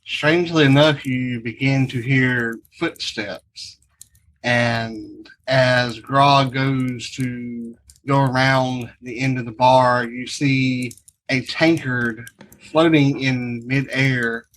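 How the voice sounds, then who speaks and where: A man running a tabletop game as dungeon master, his voice sitting at an ordinary mid pitch. He lays out each scene unhurriedly, in careful descriptive detail. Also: steady tone, a bit bright, slight background noise, poor audio. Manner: slow, descriptive scene-setting.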